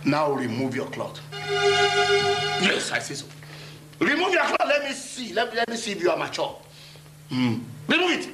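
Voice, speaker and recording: A man's voice: high-pitched, huge pitch swings, a little slow, pauses often, exaggerated voice. A man playing a cruel, mocking drunken stepfather who bullies and laughs scornfully. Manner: taunting, bullying, laughing scornfully. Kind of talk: film drama acting. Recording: echoey room with loud music.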